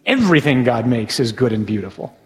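Conversational priest preaching in a church. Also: male voice, mid-range voice, animated, brisk, big-room sound, poor audio. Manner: conversational, with tag questions. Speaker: Catholic priest. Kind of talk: sermon.

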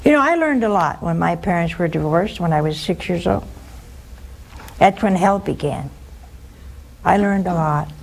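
A woman's voice: mid-range voice, darkish tone, a little hiss or hum. An older woman, a nun, giving a spiritual talk with personal stories, plain-spoken and speaking straight to her listeners. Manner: plain-spoken, storytelling, addresses listeners directly.

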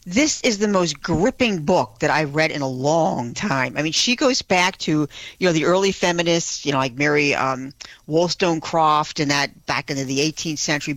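A woman's voice: on the low side, no echo. A woman who is a guest on a talk radio show, telling a story with enthusiasm and lots of fillers like "you know.". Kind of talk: casual talk radio chat.

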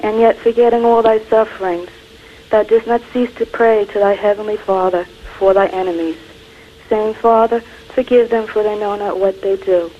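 Woman caller slowly reading a prayer, dull muffled phone sound, bit of hiss. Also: medium pitch, fairly even intonation. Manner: earnest, measured recitation. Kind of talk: reciting a prayer.

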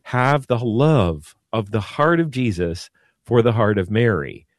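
A man with a fairly low voice talks earnestly as a priest guest on a radio show. He often stumbles and repeats words. The studio sound is close and dry. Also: animated, a little slow, no room sound. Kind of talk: radio talk on devotion.

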